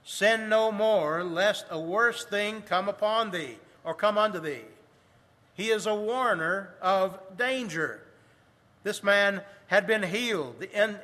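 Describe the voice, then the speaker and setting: High, bright-voiced preacher in a reverberant hall. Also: male voice. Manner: reads scripture in King James wording, slows for emphasis. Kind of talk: sermon.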